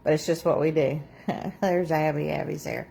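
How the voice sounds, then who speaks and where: A woman's voice: deep voice, fairly even intonation, moderate pace, creaky, dark tone, slightly rough. A woman hosting a live crafting stream, chatting casually, laughing often and reading out viewer comments. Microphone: phone on a tripod.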